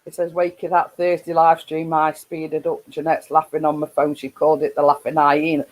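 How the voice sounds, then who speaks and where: A woman's voice: low-pitched, completely flat delivery, fairly quick, few pauses, rough recording. A woman with a Yorkshire accent hosting a casual live stream, rambling with frequent laughs and restarts.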